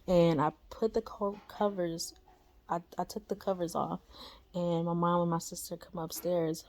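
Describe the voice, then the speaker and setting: A young woman with a low voice and a gravelly, fry-edged texture tells her own story in a loose, conversational way. She leans on slang, fillers and quick tag questions, and the delivery stays unpolished. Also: flat delivery, darkish tone. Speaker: storyteller sharing a spiritual experience. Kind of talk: casual personal storytelling.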